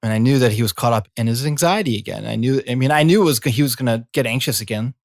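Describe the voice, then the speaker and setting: A middle-aged man, a coach and former healer, speaking in a slow, soothing reflective monologue. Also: medium pitch, no room sound, studio quality. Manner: slow, soothing, drawn-out phrasing. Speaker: coach and former healing practitioner.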